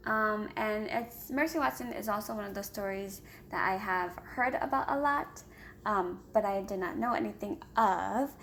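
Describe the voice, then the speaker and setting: Woman with a gravelly voice, hurried. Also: medium pitch, a bit bright, slight background noise. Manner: rambling, many filler pauses. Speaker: homeschooling parent reviewing books. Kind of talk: casual vlog chat. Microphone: camera.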